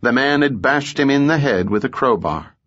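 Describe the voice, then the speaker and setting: A man narrating a story in a measured, even way, in a muffled audiobook recording. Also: medium pitch. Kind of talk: scripted narration.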